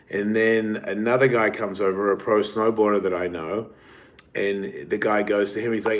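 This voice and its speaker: A man's voice: lowish voice, fairly even intonation, moderate pace, a bit bright. A man, hosting his podcast and telling a rambling, profane story in a casual monologue. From Australia. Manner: rambling, swearing, laughs often. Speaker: podcast host.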